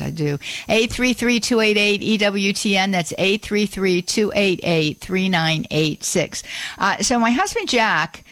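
An upbeat woman with a lowish voice hosts live call-in radio, chatting away, laughing often, and repeating phone numbers slowly. She's on a dry studio microphone with no echo.

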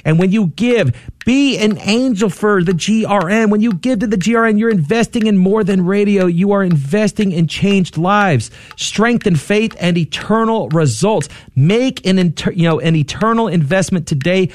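A man's voice: high voice, normal speed. A man hosting a radio pledge drive, making an urgent, pushy appeal for calls. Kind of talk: fundraising appeal.

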